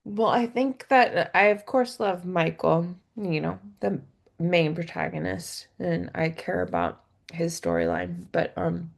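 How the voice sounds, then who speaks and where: A woman in casual conversation who tells stories with animated energy and laughs often. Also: lowish voice, measured pace, gravelly. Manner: giggly, animated storytelling. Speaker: podcast guest. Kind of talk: casual chat.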